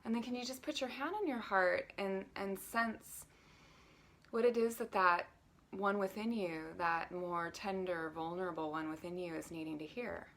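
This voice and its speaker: Guiding listeners through breathing on a self-love live stream, a woman speaks calmly and gently, occasionally dropping almost to a whisper. Her voice is mid-range and her pace moderate.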